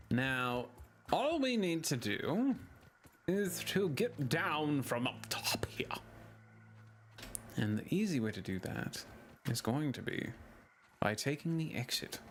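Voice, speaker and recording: A man's voice: mid-range voice, a bit bright, a little hiss or hum. A young man giving casual gameplay commentary, joking and laughing at himself as he plays. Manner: joking, giggly, self-mocking. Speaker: gaming streamer. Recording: music playing under the voice.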